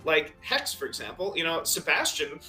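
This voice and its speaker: A man's voice: a little high, very animated, moderate pace, pushed and bright, faint music behind. A man hosting a tabletop game podcast as game master, talking loosely and filling gaps with "you know". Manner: rambling, peppered with "you know". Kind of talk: casual conversation.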